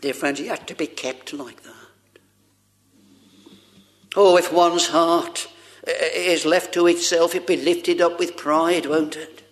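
A man's voice: on the high side, steady tone, slow pace, long pauses. A man preaching a sermon, addressing the congregation with rhetorical questions and old-fashioned scripture wording.

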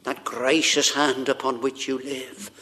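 A man's voice: medium pitch, level tone, unhurried, bright, forceful tone, slight background noise. A man preaching a sermon, addressing the congregation with rhetorical questions and old-fashioned scripture wording.

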